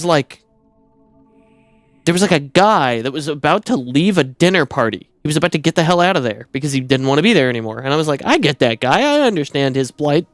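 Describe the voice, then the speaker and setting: A male streamer tells a story in an incredulous, animated rant, his pitch leaping all over the place. The sound is dry and close. Faint music plays underneath. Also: dry recording. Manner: animated, incredulous, swears a lot. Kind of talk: casual ranting story.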